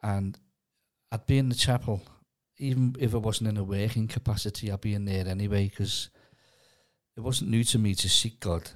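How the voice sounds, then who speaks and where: A man sharing his own story on a podcast, hesitant and halting with frequent pauses. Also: on the low side, fairly even intonation. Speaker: podcast co-host. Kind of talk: casual personal testimony.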